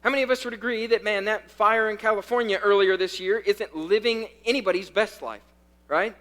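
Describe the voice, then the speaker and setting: A man with a high-pitched voice preaches to a youth group in a casual, conversational way. He swings between loud, quick bursts and hushed, slow lines, and repeats key phrases for emphasis. His tone is bright and forceful. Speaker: youth pastor. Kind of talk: sermon.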